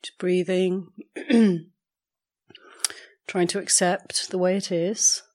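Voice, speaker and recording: A woman meditation teacher telling a story during a morning sitting, in a measured, unhurried way, clearing her throat now and then. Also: on the low side, fairly even intonation, a little mellow. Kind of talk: storytelling dharma talk.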